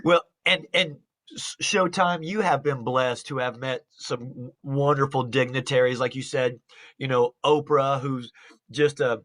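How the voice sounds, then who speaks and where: A man's voice: mid-range voice, steady tone, unhurried, fairly bright tone. Man, interview host, enthusiastic, encouraging, chatty fillers. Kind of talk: casual interview.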